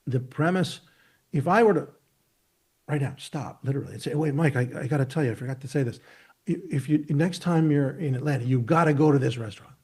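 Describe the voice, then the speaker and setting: Husky emphatic man on a video call. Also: mid-range voice, fairly quick, darkish tone. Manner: emphatic, rambling, builds vivid analogies, frequent restarts. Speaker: market technician, interview guest. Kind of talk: expansive storytelling explanation.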